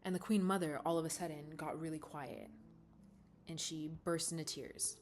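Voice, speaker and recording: A woman narrating a bedtime story softly and casually, with chatty asides. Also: low-pitched, steady tone, moderate pace, slight background noise.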